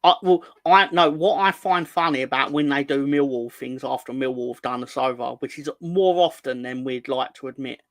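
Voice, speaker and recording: A man's voice: medium pitch, moderate pace, hardly any pauses, fairly bright tone, no echo. A man, co-hosting a casual podcast, rambling, swearing freely and slipping into mocking impressions. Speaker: co-host.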